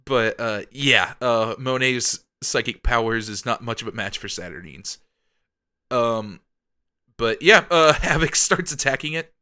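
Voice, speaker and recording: Male podcast co-host, upbeat rambler, smooth and bright in tone. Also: mid-range voice, measured pace. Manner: rambling, many ums and likes, upbeat. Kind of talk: casual comic recap chat.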